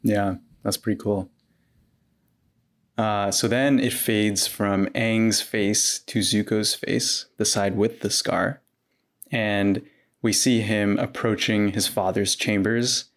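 A man co-hosting a podcast, casually walking through scenes step by step in a relaxed way. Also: on the low side, slow pace. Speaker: podcast co-host recapping episodes. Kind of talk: casual recap chat.

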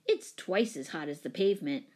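A woman's voice: fairly low pitch, expressive, normal speed, a little mellow. A woman reading a storybook, voicing a cheeky younger brother who teases and retorts. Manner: teasing, retorting.

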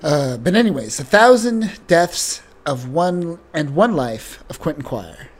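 A man's voice: a little high, animated, unhurried, hardly any pauses. A man co-hosting a casual podcast, recapping a comic story in a rambling, joking way with many fillers. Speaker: podcast co-host.

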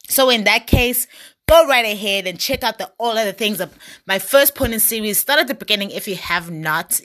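A woman giving dating advice in a casual monologue, sassy and emphatic, with big swings in pitch. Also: fairly bright tone.

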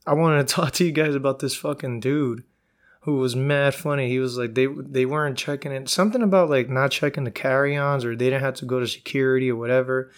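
A man's voice: medium pitch, fairly even intonation, brisk. A man hosting a solo podcast, telling stories in a profane, rambling way. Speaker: podcast host. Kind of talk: casual solo podcast monologue.

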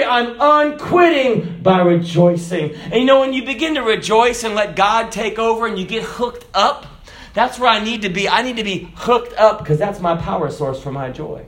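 A man delivers an energetic, folksy sermon with a high voice, breaking into laughs and shouts. He was recorded on a phone in an echoey room. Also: normal speed. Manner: animated, folksy preaching with laughs and shouted lines. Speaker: preacher.

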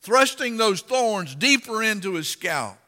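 A man preaching a sermon and reading scripture aloud, impassioned and dramatic, rising to loud emphasis. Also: sits high, sing-song, unhurried, in a large hall.

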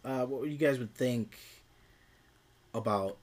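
A man's voice: mid-range voice, slow pace. Male co-host, from Minnesota, loose, rambling delivery. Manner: rambling, filler-heavy. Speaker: podcast co-host. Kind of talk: casual podcast chat.

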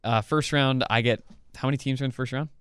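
Smooth-voiced wisecracking guy. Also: medium pitch, fast, no room sound. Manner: wisecracking, deadpan jokes, mock accents. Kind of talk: casual chat.

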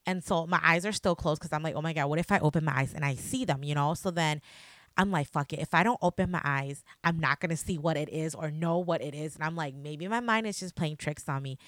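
A woman's voice: sits low, no room sound, studio quality. A young woman casually telling her own scary story as a podcast host, chatty, full of fillers, with some swearing. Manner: animated, chatty, lots of "like" fillers.

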